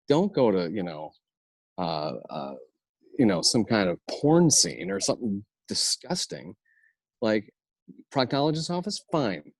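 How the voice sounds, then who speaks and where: A man, an improv instructor, chatting as a guest and acting out quotes in an animated way. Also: lowish voice, measured pace, dry recording. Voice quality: animated storyteller, acts out quotes. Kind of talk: casual interview chat.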